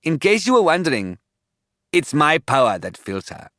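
A man's voice: a little high, big pitch swings, pushed and bright, no room sound, voice pushed up. Storybook villain: a taunting male serpent, read by a man, dry close sound. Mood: gloating. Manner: slow taunting hiss. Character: menacing giant male serpent, gloating and cruel.

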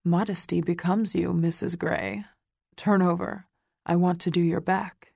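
A woman reading the part of a possessive, teasing young man, speaking in a soft, low murmur. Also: fairly even intonation, measured pace, creaky, slightly rough, dry recording, studio quality, heavily acted.

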